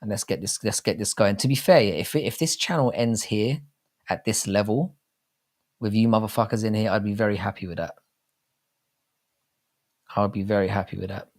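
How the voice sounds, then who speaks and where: A man's voice: lowish voice, moderate pace, long pauses, a little mellow. A young man hosting a casual live chat, reading viewer comments aloud, over-enunciating his words and swearing freely in crude banter. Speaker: livestream host.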